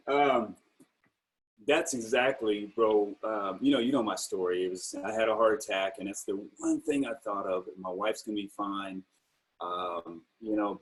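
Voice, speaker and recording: A man's voice: lowish voice, normal speed, a bit bright, low-quality recording. A middle-aged man hosting an interview, casual and emotional, often calling his guest bro. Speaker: interview host, program creator.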